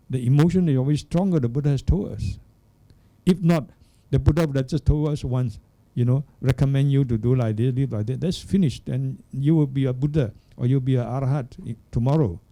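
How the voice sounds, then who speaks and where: An older man, a Buddhist monk, giving a dharma talk in an unhurried way, pausing to search for words and checking in with the listeners. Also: mid-range voice, warm tone. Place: Buddhist centre hall.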